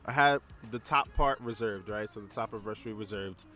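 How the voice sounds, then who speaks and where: A man co-hosting a podcast, telling a personal story in a relaxed, rambling way with lots of fillers. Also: fairly low pitch, moderate pace. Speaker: podcast co-host. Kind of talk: casual storytelling chat.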